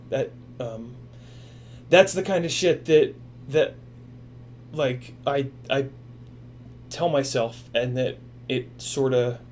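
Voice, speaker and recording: A man hosting a casual livestream, talking in a halting, emotional way with many restarts. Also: mid-range voice, a little mellow, slight background noise. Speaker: livestream host.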